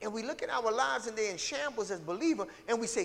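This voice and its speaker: A man delivers a sermon in a high, bright voice that swoops up and down. He presses his points emphatically, checking in with the congregation again and again. His words ring out with a long reverb from the sanctuary. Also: lively intonation, fast talker, gravelly, hardly any pauses. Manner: emphatic, checks in with "All right?"; calls out to the congregation. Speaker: pastor. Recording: reverberant hall.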